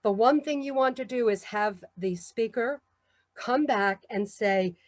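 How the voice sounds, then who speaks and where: A woman with a New York accent giving a measured, encouraging talk on public speaking. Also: a little high, no echo. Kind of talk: instructional talk.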